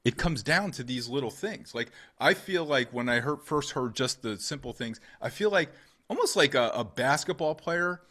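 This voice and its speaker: A man's voice: medium pitch, expressive, normal speed, pushed and bright. A man hosting a podcast in casual chat, rambling with many restarts and sports comparisons. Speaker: podcast host.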